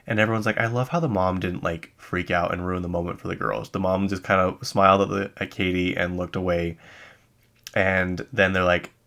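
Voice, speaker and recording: A man with a very low voice and a gravelly edge, hosting a podcast in a casual chat. He rambles through the news, wanders into asides and corrects himself as he goes. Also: steady tone, moderate pace, a bit bright. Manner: chatty and rambling, with many asides and self-corrections. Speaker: podcast host. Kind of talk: casual chat about pop music news. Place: lives in Utah.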